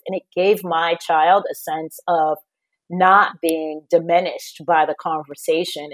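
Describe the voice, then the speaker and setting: A woman and mother on a panel, telling a story in a reflective, animated way. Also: on the low side, no room sound, poor audio. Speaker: panel guest, parent. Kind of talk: conversational storytelling.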